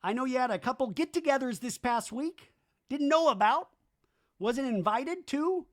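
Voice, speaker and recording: A man voicing an excitable, accusing man in a high, shouty, wounded tone. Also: moderate pace. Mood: indignant.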